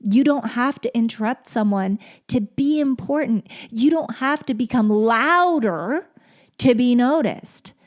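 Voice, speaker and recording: A middle-aged woman hosting a solo podcast, talking in a gentle, heartfelt, reflective way. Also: fairly high pitch, lively intonation, measured pace. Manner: heartfelt, gentle, turns emotional and tearful. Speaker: podcast host.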